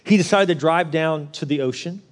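Briskly, a pastor whose voice sits a bit higher than usual delivers a sermon, sharing his story with sincerity and driving each point home.

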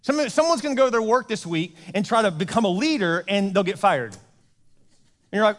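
A man's voice: high voice, animated, normal speed. A man preaching a casual, joking sermon as pastor, telling a story and acting out the characters' voices. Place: church sanctuary. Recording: long hall reverb.

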